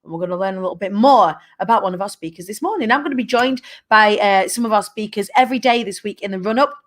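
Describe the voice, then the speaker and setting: A woman's voice: medium pitch, quick pace. A bubbly, chatty woman in her thirties, hosting a live show and talking playfully with her viewers. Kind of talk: live-stream chat with viewers.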